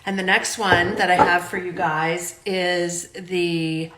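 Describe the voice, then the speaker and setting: A woman's voice: on the low side, flat delivery, slow pace, noisy background. A woman from Canada casually chatting about wines in her home kitchen, unscripted and self-deprecating. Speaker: home vlogger reviewing wines. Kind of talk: casual chat.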